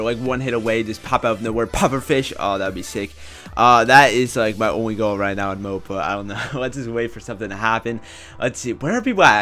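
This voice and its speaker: Excitable young gamer with a bright voice. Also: male voice. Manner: swings from mumbling low asides to loud excited yelps; casual, teasing, trash-talking. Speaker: gaming YouTuber. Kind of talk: excited gameplay commentary.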